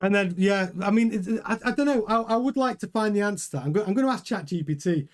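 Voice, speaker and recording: A man's voice: high voice, quick pace. A man hosting a live motorsport news stream, chatting casually, reading out viewer comments and thinking aloud with many fillers and restarts.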